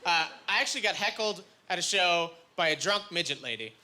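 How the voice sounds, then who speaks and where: A man from Canada doing stand-up comedy, rambling through self-deprecating stories with quick asides, recorded live. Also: high voice, expressive. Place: comedy stage before a live audience. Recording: live club recording with loud crowd.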